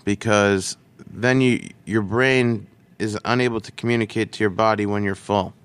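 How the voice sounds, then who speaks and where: A man with a lowish voice recounts a story in a relaxed interview. He talks casually and animatedly, jumping into quoted voices along the way. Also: normal speed, clean tone. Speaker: interview guest.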